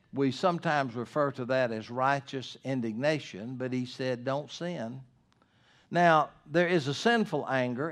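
Earnest preaching man. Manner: earnest preaching, swings from loud emphasis to low hushed asides. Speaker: pastor. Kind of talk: sermon.

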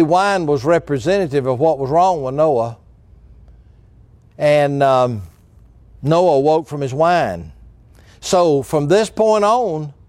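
A man's voice: fairly high pitch, a little mellow, no echo. A man preaching a sermon as pastor, folksy and direct with the congregation.

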